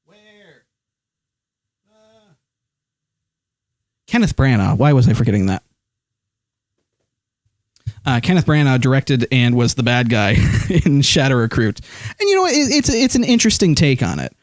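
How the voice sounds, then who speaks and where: A man's voice: mid-range voice, very animated, a little slow, pauses often, dry recording, clean studio sound. A man streaming live, rambling casually and reading chat comments aloud with lots of fillers while holding his phone. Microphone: desk microphone.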